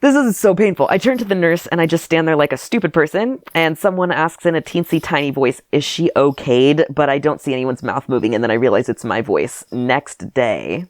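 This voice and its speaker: A man's voice: on the high side, lively intonation, brisk, few pauses, no echo, studio quality. A man co-hosting a podcast, reading his childhood writing aloud with wry comments and bursts of laughter. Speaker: podcast co-host.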